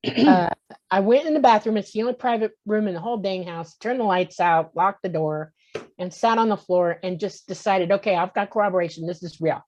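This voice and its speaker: A woman's voice: mid-range voice, normal speed, darkish tone. A woman in her sixties telling a personal story as a guest on a talk show. She acts out the voices in her story and keeps checking in with "okay?". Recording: muffled lo-fi audio.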